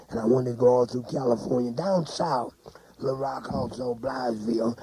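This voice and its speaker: A man's voice: mid-range voice, gravelly, mellow, slightly rough, no echo, low-quality recording. A man singing and rambling, boasting and laughing at his own jokes on a homemade record. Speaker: amateur singer and joke teller. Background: guitar music.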